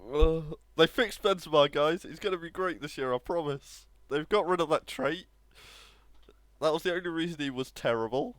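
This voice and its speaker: A young man commentating on his own football video game match, laughing often and excitable. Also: on the high side, normal speed, dry recording. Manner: giggly, excitable, laughs between lines. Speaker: gaming streamer.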